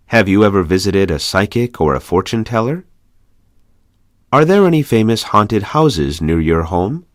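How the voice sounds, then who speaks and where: This is a deeper male voice reading conversation questions from a language course script. Each question brings broad rises and falls in pitch, while the delivery stays measured and clear. The sound is close and dry, with no echo at all.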